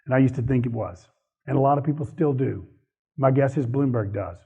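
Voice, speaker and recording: A man giving a live talk to an audience, animated and opinionated, laughing between points. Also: medium pitch, fairly quick. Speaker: speaker on economic policy. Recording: husky voice over a tinny phone-like line.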